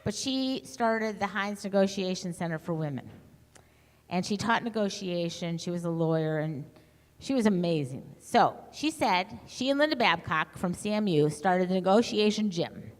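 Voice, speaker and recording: Mulher contando histórias num salão com eco. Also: female voice, lowish voice, moderate pace. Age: middle-aged. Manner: lively, animated, acts out quoted voices. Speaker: conference speaker. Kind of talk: storytelling talk to an audience. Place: conference hall. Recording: long hall reverb.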